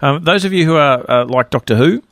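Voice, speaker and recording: A man's voice: on the high side, expressive, fairly quick, a bit bright, no echo, clean studio sound. A man with an Australian accent hosting a casual radio panel chat, chatty and jokey. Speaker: radio host.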